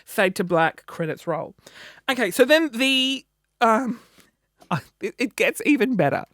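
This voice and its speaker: A woman, telling a story in a casual vlog with animated, wry delivery. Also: fairly high pitch, a little slow, no room sound, studio quality. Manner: animated, wry, acts out quoted reactions. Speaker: vlogger.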